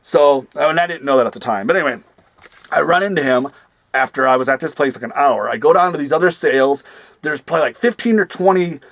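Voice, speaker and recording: A man's voice: fairly high pitch, quick pace, fairly bright tone, no room sound. A man who resells goods, chatting casually in a rambling way with many asides. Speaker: reseller vlogger. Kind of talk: casual storytelling vlog.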